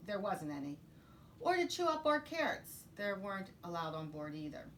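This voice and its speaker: A woman teacher reading a children's picture book aloud in an expressive, sing-song way. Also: mid-range voice, normal speed, a little hiss or hum. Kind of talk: children's storybook read-aloud.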